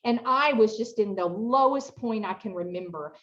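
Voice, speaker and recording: A middle-aged woman giving an interactive online workshop, chatty and expressive, asking the audience lots of rhetorical questions over a video call. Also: on the high side, normal speed, lo-fi sound. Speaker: workshop presenter.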